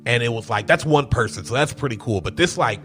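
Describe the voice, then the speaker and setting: A man's voice: medium pitch, lively intonation, fast, fairly bright tone, soft background music. A man co-hosting a casual reaction chat, loose and laughing, swearing freely. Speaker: podcast co-host.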